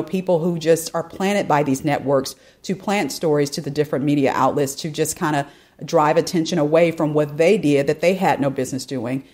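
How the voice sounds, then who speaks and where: A woman with a low, darkish voice hosts an opinion podcast, reading a news story aloud and chatting her way through it. She often speaks straight to her listeners, sprinkling in plenty of "you know" and side remarks.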